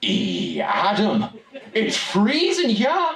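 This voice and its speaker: A man's voice: sits high, huge pitch swings, drawn-out words, fairly bright tone, recorded from a distance, pitched above the performer's own voice, full character voice. A man voicing his older mother, a fussy woman with a Geordie accent who grumbles chattily, recorded live in a roomy venue with an audience. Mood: grumbling. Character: older woman, the narrator's mother, forever complaining.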